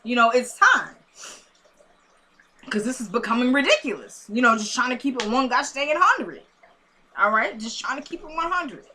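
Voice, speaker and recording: A young woman recapping a TV episode in a chatty, animated way, talking straight to her viewers. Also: high voice, fairly quick. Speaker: TV episode reviewer. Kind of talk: casual recap to camera.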